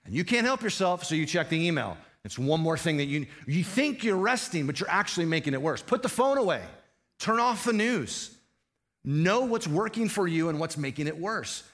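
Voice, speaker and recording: A man preaching from the pulpit, his voice sitting a little higher than most men's. He talks to the congregation casually, throwing rhetorical questions out to them as he goes. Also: a bit bright. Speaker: pastor. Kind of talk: sermon.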